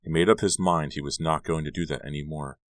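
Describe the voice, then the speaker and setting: A man narrating a young adult horror novel in a measured reading. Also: a bass voice, steady tone, no room sound. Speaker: audiobook narrator. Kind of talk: scripted narration.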